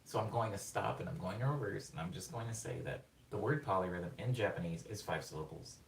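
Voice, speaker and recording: A man on a live production stream, excitedly explaining rhythm while rambling and interrupting himself, sometimes singing words on the beat. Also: low-pitched, a little fast, vocal fry, a little hiss or hum. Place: home studio during a live production stream. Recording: roomy room sound, mic at a distance, faint music.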